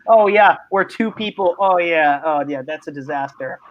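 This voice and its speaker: A man hosts a casual online panel chat, his voice sitting a little high as he rambles along in animated bursts. The sound is muffled and lo-fi. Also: moderate pace. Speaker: host. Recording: muffled lo-fi mic.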